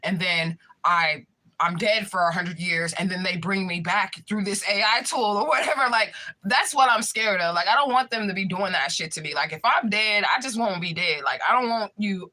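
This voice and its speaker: A woman and spiritual reader chatting casually to her viewers, telling stories in an animated, profane way full of fillers. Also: medium pitch, normal speed. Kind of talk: casual live chat to viewers.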